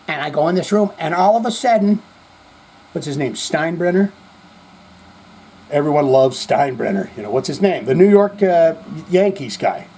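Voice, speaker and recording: A man with a somewhat high, husky voice rambles through a casual monologue. He swears freely and slips into quoted voices as he tells his stories. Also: lively intonation, moderate pace, mellow. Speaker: host.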